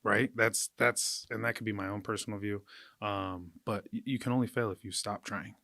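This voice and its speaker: A man's voice: lowish voice, steady tone, normal speed, creaky, pushed and bright, no room sound. Reflective young man, dry close sound. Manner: reflective, uses filler like "right?" and "um". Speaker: podcast co-host, coach. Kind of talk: casual podcast chat.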